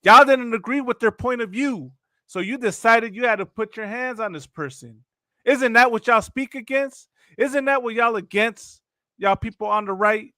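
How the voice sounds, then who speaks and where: A male host gives mocking, preachy religious commentary, circling back on the same phrases again and again. His voice is high and sharp. The sound is close and dry. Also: moderate pace, no room sound. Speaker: host reacting to videos.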